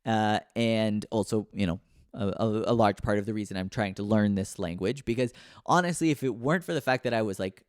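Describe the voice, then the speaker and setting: A man's voice: fairly low pitch, a little fast, smooth, no echo, studio quality. A man in his thirties hosting a comedy podcast, rambling and self-deprecating, full of fillers and restarts. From United States. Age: 30s. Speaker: podcast host.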